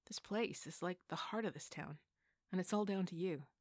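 A woman's voice: lowish voice, moderate pace, no room sound, studio quality. A woman voicing a sheepish, easygoing young man who talks offhandedly with his twin sister in a storybook reading. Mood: offhand. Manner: offhand, earnest.

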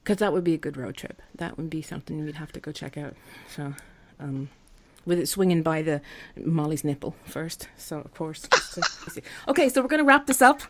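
A woman's voice: low-pitched, lively intonation, normal speed, hardly any pauses, fairly bright tone. Giggly, crude woman podcast host. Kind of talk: casual comedy podcast chat.

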